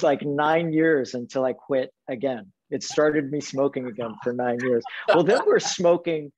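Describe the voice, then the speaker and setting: A man's voice: mid-range voice, normal speed, hardly any pauses, darkish tone, lo-fi sound, a little hiss or hum. A man, an actor guest, telling a wry, self-mocking story over a video call. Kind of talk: casual anecdote.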